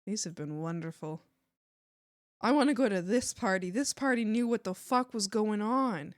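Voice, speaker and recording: A woman's voice: medium pitch, moderate pace, no echo, clean studio sound. A woman streamer chatting casually while she reacts to videos, giggling and swearing freely.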